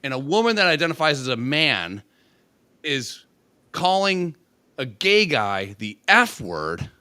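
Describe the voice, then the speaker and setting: A man chatting on a podcast, his pitch jumping all over as he rambles and swears. His voice is bright and a bit forceful, and it sits close and dry with no room around it. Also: a little slow, smooth, dry recording. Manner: animated, crude, rambling with frequent profanity. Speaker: podcast co-host. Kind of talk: casual podcast chat.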